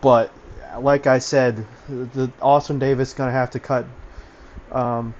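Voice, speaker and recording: A man's voice: medium pitch, little pitch movement, unhurried, a little mellow, dull audio, slight background noise. A man giving casual basketball analysis over voice chat, talkative and full of fillers. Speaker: basketball commentator.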